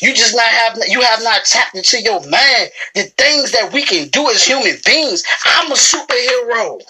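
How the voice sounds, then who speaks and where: Animated and barely pausing, this shop-owner woman preaches motivation straight to the camera at a moderate pace, hammering her lines repeatedly and addressing people as "bro" and "sis." Her bright, forceful, slightly high voice comes through poor audio with a little hiss or hum.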